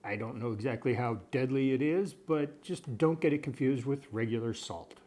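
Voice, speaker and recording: A man's voice: medium pitch, moderate pace, a little mellow. A man from the Chicago area hosting a home cooking video, talking in a dry, wry, matter-of-fact way. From Chicago area, USA. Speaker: cooking show host.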